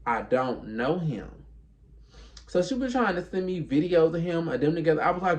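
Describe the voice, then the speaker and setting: A man's voice: fairly high pitch, expressive, moderate pace, gravelly, a little mellow. A man telling a story in a casual monologue, sassy and emphatic, acting out both sides of conversations.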